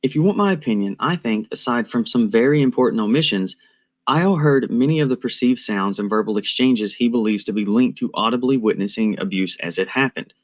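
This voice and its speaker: A man reading a scripted commentary in a measured, deliberate and analytical way. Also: mid-range voice.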